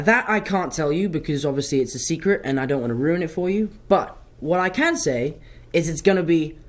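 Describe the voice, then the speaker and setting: Animated young man, lively pitch. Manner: animated, self-mocking storyteller. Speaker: actor answering fan questions. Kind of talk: casual live Q&A.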